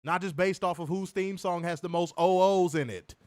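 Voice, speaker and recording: A man's voice: sits high, steady tone, normal speed, a little mellow, dry recording, clean studio sound, soft background music. A man hosting a wrestling review podcast, ranting and mocking in profane comedic commentary, laughing often.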